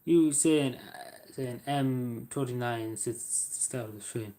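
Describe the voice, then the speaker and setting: On a live stream, a man with an Irish accent makes easygoing conversation with viewers in a mellow, medium-pitched voice. The chat is halting and meandering, packed with fillers and frequent apologies.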